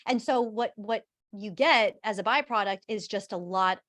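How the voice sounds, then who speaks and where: A woman's voice: mid-range voice, moderate pace, fairly bright tone, dry recording, clean studio sound. A woman co-hosting a podcast, chatting casually about movies with lots of laughs and fillers. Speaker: podcast co-host. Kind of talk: casual film review chat.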